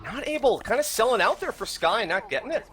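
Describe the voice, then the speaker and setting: A man casting a competitive video game match with quick, jokey play-by-play and teasing asides. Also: extremely high pitch, big pitch swings, a bit bright. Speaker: esports caster. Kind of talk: play-by-play commentary.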